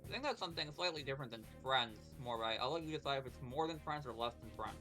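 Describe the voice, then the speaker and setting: A man's voice: mid-range voice, expressive, quick pace, pushed and bright, soft background music. A man playing a game on a stream, chatting casually with dry, wry remarks.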